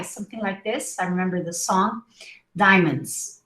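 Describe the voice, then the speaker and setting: A woman's voice: mid-range voice, expressive, moderate pace, fairly bright tone. A woman teaching English pronunciation in a live class, saying each word several times and coaching her students. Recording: echoey room.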